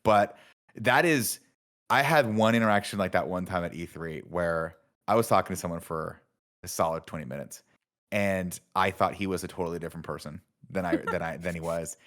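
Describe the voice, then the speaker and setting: A man with a fairly low voice chats as a podcast co-host, rattling along at a fast clip. He tosses in jokey asides and acts out his own reactions as he tells his anecdotes. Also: a bit bright. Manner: quick, chatty, jokey asides. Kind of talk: casual chat.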